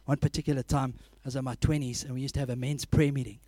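A man preaching a sermon, telling animated stories, laughing often and acting out scenes. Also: mid-range voice, quick pace, no room sound.

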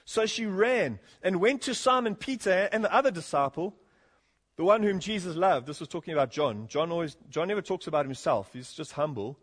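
A man's voice: high voice, fairly quick, breathy edge. A man preaching an earnest expository sermon, often rising to emphatic points and chuckling between them. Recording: long hall reverb.

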